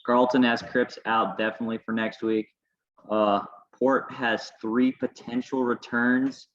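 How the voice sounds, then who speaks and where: A man's voice: medium pitch, flat delivery, measured pace. A man co-hosting a casual sports podcast, making confident picks and teasing his co-host. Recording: echoey lo-fi home recording.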